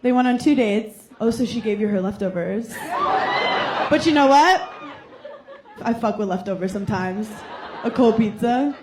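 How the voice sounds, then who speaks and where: A woman's voice: a little high, normal speed, pauses often. Brash, teasing woman comic, crowd roaring. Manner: brash, teasing, often laughing mid-line. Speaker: stand-up comedian. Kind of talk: stand-up crowd work. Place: comedy club stage with live audience. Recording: live club audio, audience laughter and noise. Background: crowd laughter.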